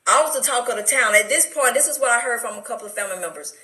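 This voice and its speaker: Middle-aged southern woman w/ atlanta accent, testifying with big feeling, crisp bright voice, echoey room. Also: on the high side, animated, rapid-fire. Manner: emotional, preacherly storytelling. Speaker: guest. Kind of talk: testimony in a radio talk show interview.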